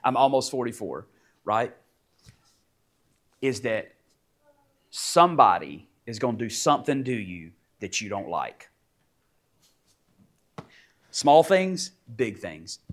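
Animated preacher man in his forties. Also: medium pitch, takes it slowly, long pauses. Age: 40s. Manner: animated, emphatic, acts out quotes. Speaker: pastor. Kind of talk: sermon.

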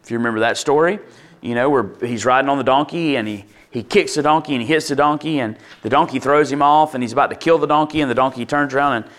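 A man's voice: mid-range voice, quick pace, a bit bright. A man preaching a conversational sermon to his congregation, with asides and restarts, acting out quoted lines in a livelier voice. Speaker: pastor.

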